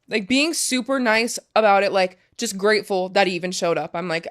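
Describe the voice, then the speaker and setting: A woman's voice: mid-range voice, fairly quick, few pauses. Candid young woman telling a story. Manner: candid, swears freely, heavy use of "like". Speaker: guest, professional soccer player. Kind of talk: casual storytelling interview.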